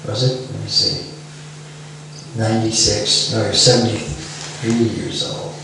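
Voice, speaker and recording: A middle-aged man giving a devotional lecture with stories, softly chanting a mantra between remarks and asking his listeners questions. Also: on the low side, flat delivery, measured pace. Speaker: devotional speaker. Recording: echoey room, far from mic, faint hiss.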